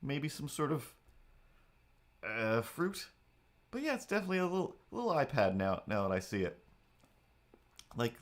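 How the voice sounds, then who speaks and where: A man's voice: mid-range voice, vocal fry. A man hosting his own livestream, chatting casually and playfully to himself and his cat in a rambling way. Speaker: livestream host.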